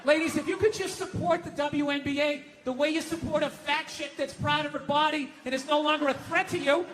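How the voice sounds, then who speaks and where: A middle-aged man doing a stand-up comedy routine, ranting profanely and shouting at the peaks. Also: very high-pitched, fairly even intonation, brisk, a little hiss or hum.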